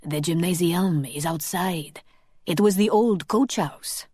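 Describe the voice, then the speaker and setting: A woman voicing a calm, soothing French vampire man with a French accent. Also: high-pitched, takes it slowly, slightly rough, no room sound, clean studio sound, heavily acted. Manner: soft-spoken, soothing.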